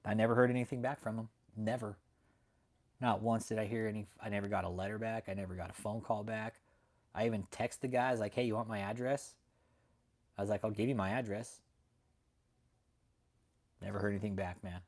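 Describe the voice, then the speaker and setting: A man's voice: on the low side, fairly even intonation, brisk, long pauses. A young adult man hosting a channel, telling a story to his viewers in a brash, profane, casual rant. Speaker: channel host.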